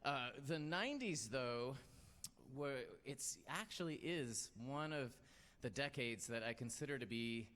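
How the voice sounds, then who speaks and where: At a live storytelling night, an American host in a mid-range, fairly bright voice tells a rambling personal story full of fillers and self-deprecating jokes. He speaks a little slowly with lively intonation, and long hall reverb colors the recording.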